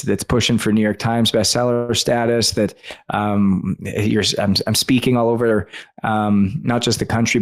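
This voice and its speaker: Appearing as a guest author on a podcast interview, a man with a fairly low voice shares a personal story. He speaks earnestly and with feeling, tossing in quick asides, and his delivery is conversational and heartfelt.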